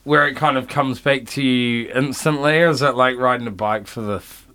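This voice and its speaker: A man's voice: mid-range voice, moderate pace, sharp tone, clean tone. A man hosting a casual radio interview, hesitant, with frequent ums and restarts. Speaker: radio host.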